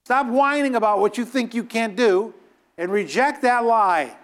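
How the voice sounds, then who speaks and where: High-voiced man preaching a fiery sermon. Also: a little slow, fairly bright tone. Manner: emphatic, exhorting, scolding the listeners, acting out quotes.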